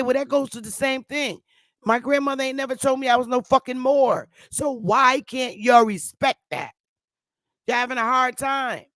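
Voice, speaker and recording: A woman hosting her own livestream, ranting in casual talk, profane and combative, with loud outbursts. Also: a little high, dry recording, studio quality. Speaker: livestream host. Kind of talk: heated casual livestream rant.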